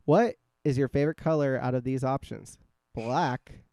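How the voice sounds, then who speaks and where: Mellow laid-back male podcast host. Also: mid-range voice, moderate pace, gravelly, no room sound. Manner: laid-back, joking, swears casually. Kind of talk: casual podcast chat. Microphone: scarf-wrapped microphone.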